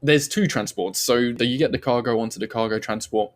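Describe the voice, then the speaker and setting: Relaxed game master, jokey narration, mid-pitched man. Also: brisk.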